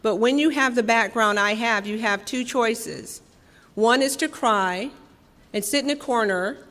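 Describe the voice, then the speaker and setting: A woman in her thirties from Los Angeles, sharing her recovery story with wry candor, swelling loud and dropping soft. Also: on the high side, a little slow. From Los Angeles, California. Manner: candid, wry, raw, with emphatic swells and soft drops. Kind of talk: personal recovery talk. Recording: long reverb from a hall.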